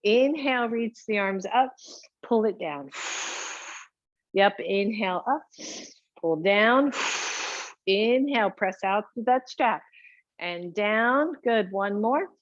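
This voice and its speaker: A woman's voice: mid-range voice, expressive, slow, pauses often, no echo, highs cut off. A woman teaching a guided yoga class, giving upbeat, encouraging cues with playful asides. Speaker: yoga instructor.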